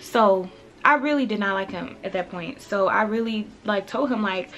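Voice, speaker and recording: A woman in her twenties chatting casually to camera, telling a personal story in an animated way and acting out her own past lines. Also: medium pitch, normal speed. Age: 20s. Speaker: vlogger.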